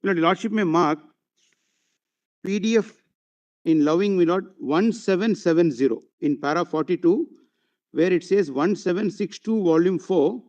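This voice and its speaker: High-voiced Indian advocate addressing the bench. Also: male voice, a little mellow. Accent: Indian English. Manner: deferential, peppered with "my lord" and halting fillers. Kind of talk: courtroom legal argument. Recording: dull lo-fi courtroom audio feed.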